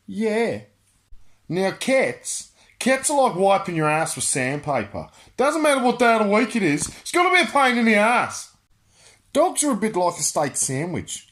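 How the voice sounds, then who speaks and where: His voice sits high as this Australian host fields viewer questions in a crude comic monologue. Brash and boisterous, he keeps cracking himself up.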